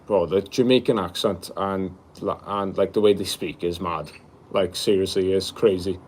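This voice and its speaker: A young man from Wales, hosting a casual livestream, reading out viewer comments and answering them in a relaxed way, calling people bro. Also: sits low, moderate pace. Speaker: livestream host.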